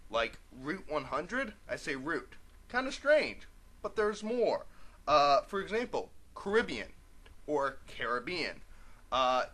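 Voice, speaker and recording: Young man, vlogger, rambling casual chat, lots of fillers, slightly high voice. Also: a bit bright. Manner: chatty, rambling, many "uh" fillers. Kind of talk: casual vlog talk to camera.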